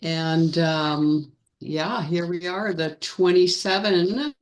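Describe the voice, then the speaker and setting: A woman co-hosts a casual live-streamed chat, with a lowish voice and an unhurried pace. She wanders through her points with fillers and self-corrections, in an easygoing way. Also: steady tone. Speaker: co-host of a feng shui live show.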